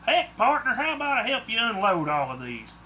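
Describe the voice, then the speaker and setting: A friendly country neighbor speaks in a thick Southern US drawl, folksy and eager to help, as a man reading a storybook puts him on. The voice is high and sharply bright. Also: wildly swooping pitch, fairly quick, a little hiss or hum, full character voice.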